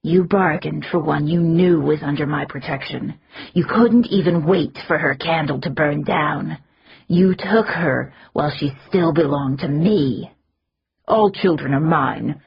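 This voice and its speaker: A woman voicing an ancient fae woman with calm, soothing authority, read as part of an audiobook. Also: sits low, a little slow, vocal fry, breathy edge, dull audio, exaggerated voice. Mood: commanding.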